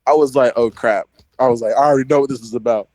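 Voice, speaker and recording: A man's voice: medium pitch, fast talker, no room sound, low-quality recording. A young man on a podcast telling a childhood story in casual chat, full of filler words and acted-out quotes. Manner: animated storyteller, heavy "like" filler, acts out quotes. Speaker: podcast co-host.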